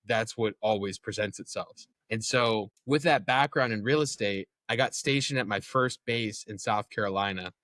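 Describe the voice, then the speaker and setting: Young guy, lowish voice, candid storytelling, swears a lot, dry close mic. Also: a bit bright, no room sound. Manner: candid, swears freely, acts out quotes. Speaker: interview guest. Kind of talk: casual storytelling.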